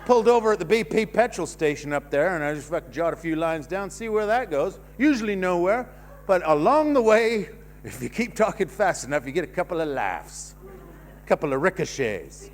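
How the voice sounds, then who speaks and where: A Canadian comedian in his fifties rambles through a stand-up set, swearing freely and mocking himself. His voice sits high and swings up and down with a lot of life. A faint hum runs under the live room. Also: very animated, a little fast. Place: comedy club stage.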